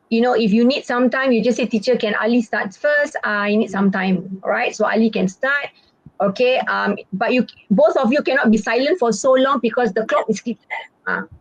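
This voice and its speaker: A woman's voice: fairly high pitch, darkish tone, no echo, dull audio. A woman teacher coaching students for a speaking exam, chatty and repeating her points with many fillers. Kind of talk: online exam-prep lesson.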